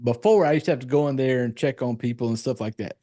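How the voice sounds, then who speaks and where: A man's voice: mid-range voice, quick pace, warm tone, no echo, clean studio sound. A man from South Carolina with a Southern accent, casually co-hosting a podcast and telling rambling, profane stories. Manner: profane, rambling storyteller with a country drawl. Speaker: podcast co-host. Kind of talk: casual chat.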